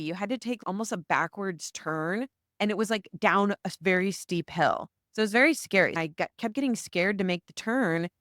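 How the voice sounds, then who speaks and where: An American woman hosting a solo podcast, telling stories in a chatty, animated way. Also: lowish voice, dry recording, studio quality. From United States. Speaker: podcast host.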